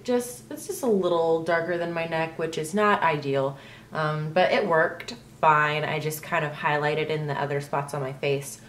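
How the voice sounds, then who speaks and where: Low-voiced chatty young woman vlogger. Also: slight background noise. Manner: chatty, rambling with many ums and likes. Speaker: beauty vlogger. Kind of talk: casual makeup tutorial talk.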